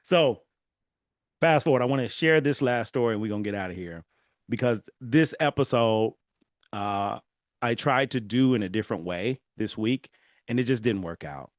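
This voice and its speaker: This Southern California man hosts a casual solo podcast, telling stories animatedly, laughing, and speaking straight to his listeners. His voice is medium in pitch and normal in speed, recorded cleanly in a studio with no echo.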